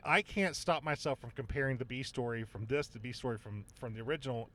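A man co-hosting a casual movie review podcast, animated and jokey, with sarcastic asides. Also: on the high side. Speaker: podcast co-host.

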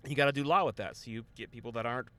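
A man's voice: medium pitch, rapid-fire, fairly bright tone. A man from California co-hosting a casual movie podcast, chatty and playful. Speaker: podcast co-host. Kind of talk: casual movie review chat.

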